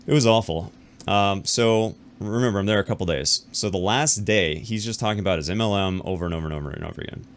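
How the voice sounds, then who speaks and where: Speaking to camera in a lowish voice, a man casually relates a business story to his audience. He talks fast, often repeating and restarting, and acts out the other people involved.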